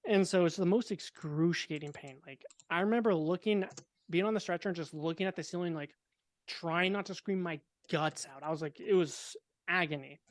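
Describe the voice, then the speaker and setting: A young man, a podcast guest, telling a personal story in a relaxed, casual way with wry, deadpan dark humor. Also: sits high, normal speed, dry recording.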